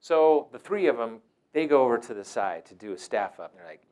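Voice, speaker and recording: A man's voice: medium pitch, very animated, fairly quick, a little mellow. A man hosting a talk, telling stories casually and wryly. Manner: casual, wry, playfully acts out quoted voices. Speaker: host. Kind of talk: anecdotal storytelling talk.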